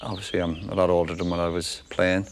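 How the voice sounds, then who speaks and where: A man's voice: low voice, flat delivery, quick pace, pitched below the performer's own voice. A man doing a put-on Irish accent, playing a curt, blunt older ex-footballer outdoors at a camp. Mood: gruff. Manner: curt, dismissive, teasing. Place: outdoors at a back-garden camp.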